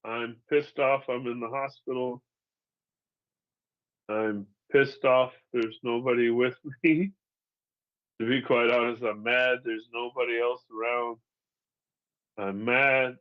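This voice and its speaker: A comedian from Seattle telling a personal story in a candid, profane and animated way. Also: male voice, medium pitch, slow, pauses often, dull audio. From Seattle, USA.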